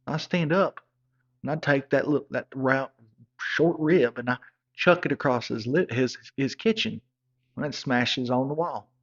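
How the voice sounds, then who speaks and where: A man's voice: mid-range voice, unhurried, fairly bright tone. A man telling a rowdy, profane comic story in a rambling backwoods way, as a regular storyteller. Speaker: comedic storyteller. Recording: dull lo-fi recording.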